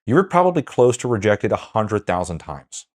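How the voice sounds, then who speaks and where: A man's voice: fairly low pitch, very animated, normal speed. A man hosting a podcast, talking candidly with guests, blunt and swearing freely. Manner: blunt, swears freely, acts out quoted dialogue. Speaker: podcast host.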